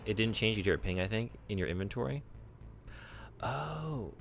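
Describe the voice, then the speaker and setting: A man with a very deep, gravelly voice chats his way through a game on stream. He rambles, thinks out loud and answers his chat, his pitch swinging up and down a lot, with faint music underneath. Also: expressive, moderate pace. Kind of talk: casual gaming stream chat.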